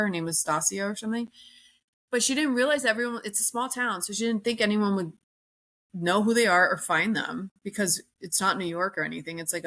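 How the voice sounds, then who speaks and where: A woman's voice: medium pitch, a bit bright. A woman hosting a podcast, retelling a story in casual, rambling chat with lots of "like" and acted-out quotes. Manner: chatty, rambling, heavy use of "like", acts out quoted lines. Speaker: podcast host.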